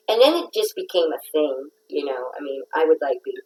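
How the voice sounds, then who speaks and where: A woman's voice: low-pitched, a little fast, hardly any pauses, a little mellow, low-quality recording. A middle-aged woman hosting a casual livestream, telling a rambling, playful story. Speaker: host of a craft livestream.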